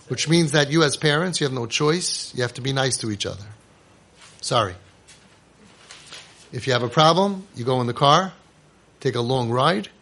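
A man giving a casual spoken lecture as a parenting coach. He talks emphatically, repeats himself, restarts often and acts out quick exchanges. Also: mid-range voice, fairly bright tone. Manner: emphatic and repetitive, with many restarts and quick asides; acts out short exchanges between parents and kids.

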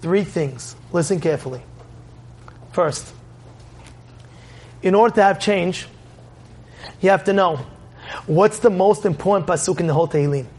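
A man giving a sermon, telling a story in an animated way and acting out its scenes. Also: high-pitched, normal speed, pauses often. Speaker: religious speaker.

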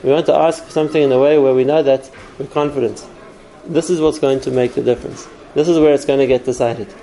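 A man's voice: mid-range voice, fairly even intonation, quick pace, dark tone, a little hiss or hum, low-quality recording. A man giving an earnest spoken Torah class, explaining step by step with numbered points. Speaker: Torah teacher.

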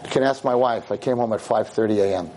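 A man's voice: fast, darkish tone, a little hiss or hum. A middle-aged man, a rabbi, telling a story to a convention audience, acting out the dialogue and mixing in Yiddish and Hebrew words. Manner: acts out dialogue with big pitch jumps, sprinkles Yiddish and Hebrew words. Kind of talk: animated storytelling talk.

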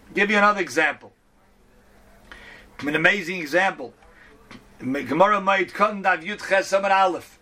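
Bright-voiced man teaching Talmud. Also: high-pitched, moderate pace, long pauses. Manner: animated, quotes Hebrew and Aramaic texts then explains. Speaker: Torah teacher.

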